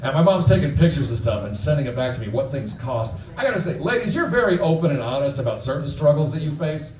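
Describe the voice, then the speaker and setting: A man in his forties doing a stand-up comedy set, crude and punchy, acting out quick voices. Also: a little high, sing-song, darkish tone. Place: comedy club stage before a live audience. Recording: roomy club sound from a distance, audience laughter.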